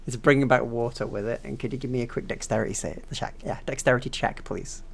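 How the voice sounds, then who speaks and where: A game master narrating a tabletop game in a relaxed way, laughing often and making little sound noises. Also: mid-range voice, quick pace, vocal fry.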